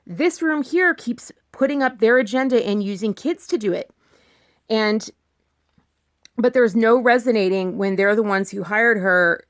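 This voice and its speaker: A woman vlogger talking in casual commentary, repeating her points and firing off rhetorical questions, her pitch jumping up when she gets emphatic. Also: measured pace. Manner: insistent, repeats herself, fires rhetorical questions.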